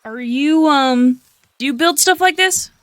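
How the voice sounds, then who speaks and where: A tabletop game player who talks in a halting way, full of fillers and restarts. The voice is bright and forward. The recording is dry and close. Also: high-pitched, no room sound. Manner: hesitant, with many fillers and restarts. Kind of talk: casual tabletop game play.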